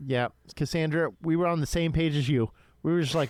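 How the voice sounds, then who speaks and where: A young man co-hosting a podcast, casually reviewing a horror film with an excitable, profane manner. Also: on the high side, fairly quick, dry recording. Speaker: podcast co-host.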